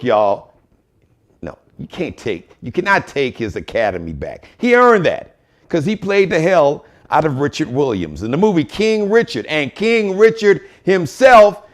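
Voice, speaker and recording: A male host riffing through a live commentary show, joking and storytelling with shout-outs. His voice sits a bit high for a man and swings widely in pitch.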